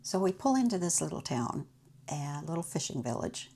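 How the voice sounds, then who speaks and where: Low creaky woman telling stories. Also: very animated, normal speed, warm tone. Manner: chatty, anecdotal, acts out quoted people. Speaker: channel host. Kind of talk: casual personal storytelling.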